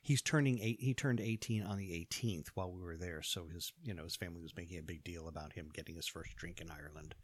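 A man's voice: low voice, fast talker, few pauses, dry recording. An American man chatting casually, telling stories and laughing often. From United States. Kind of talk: casual chat.

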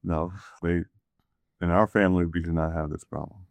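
A man grumbling in a deadpan way during casual banter. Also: low voice, moderate pace, creaky, no room sound.

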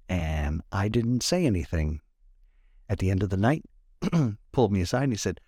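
A man's voice: low voice, expressive, normal speed, dark tone, dry recording, studio quality. A man co-hosting a podcast in casual chat, rambling and wry as he tells stories. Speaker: podcast co-host.

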